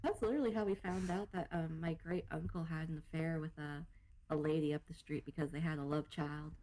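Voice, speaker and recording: Woman, podcast co-host, lowish warm voice, blunt and swearing, casual chat. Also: fairly even intonation, a little fast, low-quality recording. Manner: blunt, swears freely, laughs easily.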